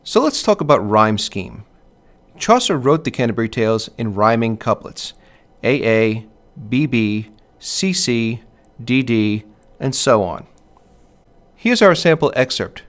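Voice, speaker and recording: A man narrating a scripted poetry lesson as a teacher, in a measured way, stressing the rhythm when he reads verse aloud. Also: mid-range voice, lively intonation.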